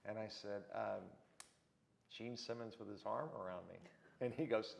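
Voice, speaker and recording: A man's voice: fairly low pitch, moderate pace, creaky. A man telling stories in a casual interview, acting out the people he quotes. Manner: animated anecdote teller, acts out quotes. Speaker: interview guest. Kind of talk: casual storytelling.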